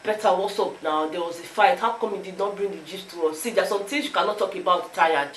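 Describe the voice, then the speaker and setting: A young Nigerian woman vlogger recapping reality-show drama, animated and slipping into pidgin. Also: lowish voice, brisk. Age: young adult. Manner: animated, slips into pidgin, acts out quotes. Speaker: entertainment vlogger. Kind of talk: excitable gossip recap. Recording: roomy echo.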